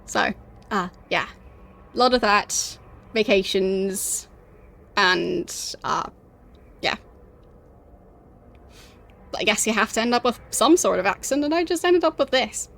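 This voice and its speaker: A young woman streaming a game, chatting casually in English, which is not her first language, with frequent laughs and halting restarts. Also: mid-range voice, expressive, gravelly, a bit bright. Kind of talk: casual gameplay commentary.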